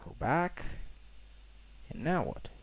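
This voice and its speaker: A young man from Portugal casually talking through his own chess game, rambling, self-correcting and slangy, on a cheap mic. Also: slow pace. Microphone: poor-quality microphone. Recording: cheap mic with loud noise.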